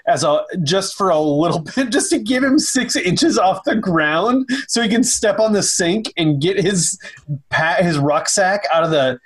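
Male co-host with a fairly high voice, rambles and trips over words. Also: animated, unhurried, slightly rough. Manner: rambling, stumbling storyteller. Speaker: podcast co-host. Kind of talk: casual comedy chat.

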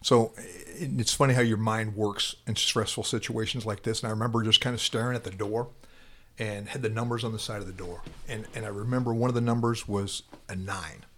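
A man in law enforcement telling a painful personal story in an interview, halting and repeating himself. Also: fairly low pitch. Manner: halting, repeats words, quiet and heavy then louder when animated.

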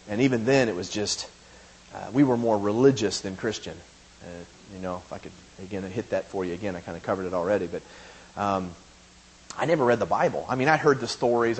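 A man preaching a sermon, chatting casually and then building to emphatic preaching. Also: fairly low pitch. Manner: conversational, rising to emphatic preaching.

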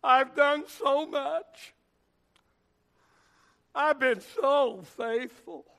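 A sulking, self-pitying prophet, as a preacher puts him on, whining slowly that he deserves better and wants to be left alone. The voice sits high and bright for a man, with stretched, pleading words. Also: creaky, exaggerated voice. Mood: whiny.

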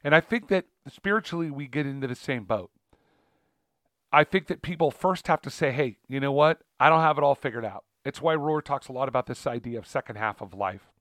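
A man's voice: mid-range voice, lively intonation, fairly quick, a bit bright, dry recording, studio quality. A man co-hosting a casual talk show about faith, rambling with many fillers and restarts. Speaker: podcast co-host.

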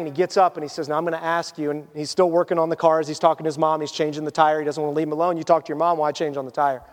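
A man preaching a sermon as pastor, conversational and storytelling, dropping to hushed tones at emotional moments. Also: a little high. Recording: long church hall reverb.

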